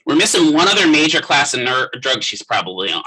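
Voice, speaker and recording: A man's voice: medium pitch, very animated, brisk, bright, forceful tone, husky, low-quality recording. A middle-aged man teaching a physical therapy class in a conversational lecture, often putting questions to students by name. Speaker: physical therapist assistant instructor.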